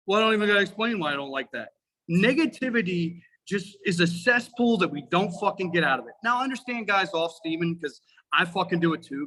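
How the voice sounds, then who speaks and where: A man in his forties talks on a podcast with a high, bright, forceful voice. He swears constantly and speaks with real emphasis, all fired up. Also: poor audio. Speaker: podcast guest, firefighter lieutenant. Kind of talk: casual podcast chat.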